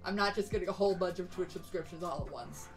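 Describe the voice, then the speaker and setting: A woman's voice: on the low side, quick pace, soft background music, low-quality recording. A young woman streaming from home, chatting casually with her viewers in a bubbly, chatty way. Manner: chatty, bubbly, coos baby talk to her dogs. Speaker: VTuber streamer. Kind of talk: casual live-stream chat.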